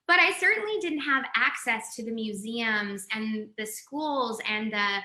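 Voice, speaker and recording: Lively Texan woman, bright and echoey. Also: a little high. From West Texas. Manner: chatty, animated, laughs easily. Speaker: guest, communications executive. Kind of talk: casual interview over video call.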